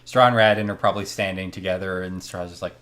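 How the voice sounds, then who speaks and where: A man's voice: deep voice, steady tone, fast talker, fairly bright tone, slight background noise. A man running a tabletop game as game master, narrating casually.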